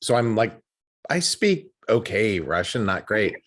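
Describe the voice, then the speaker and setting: Male podcast host, middle-aged American, lowish voice, rambling anecdotal delivery. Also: very animated, measured pace, fairly bright tone. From United States. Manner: chatty, storytelling with frequent restarts. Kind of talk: casual conversation.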